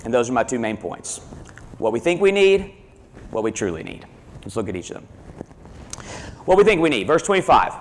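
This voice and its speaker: A man's voice: medium pitch, very animated, a little fast, long pauses. A male pastor preaching a sermon, telling a family story in a conversational way and repeating himself as he goes.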